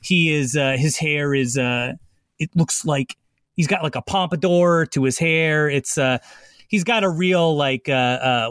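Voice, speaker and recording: A man's voice: a little high, measured pace, a bit bright, no room sound, clean studio sound. A man narrating a comedy tabletop game as game master, rambling with many fillers and restarts.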